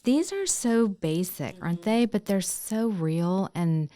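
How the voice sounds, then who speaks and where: A woman co-hosting a podcast, explaining things in a calm, reassuring way during a casual conversation. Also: medium pitch, takes it slowly. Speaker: podcast co-host.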